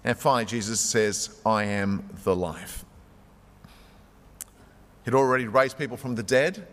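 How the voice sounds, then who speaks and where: A man's voice: medium pitch, unhurried, fairly bright tone, in a large hall. A man preaching a sermon as pastor, talking in a conversational way and retelling stories through quotes.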